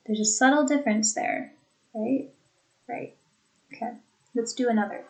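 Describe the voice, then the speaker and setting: A young woman teacher reviewing a class lesson, speaking deliberately and demonstrating example sentences. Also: a little high, darkish tone, highs cut off. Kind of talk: lecture recap for students.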